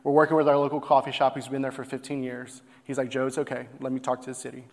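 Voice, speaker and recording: Speaking fast and monotone in a mid-range voice with vocal fry, a young Texan barbecue business owner shares a heartfelt personal story on stage. He's earnest and leans on lots of fillers, and the recording carries long hall reverb.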